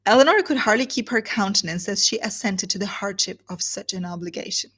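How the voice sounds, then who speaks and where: A woman teaching literature, reading a novel aloud and stopping to comment, slowing down on words she wants to stress. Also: mid-range voice, a bit bright, slightly rough.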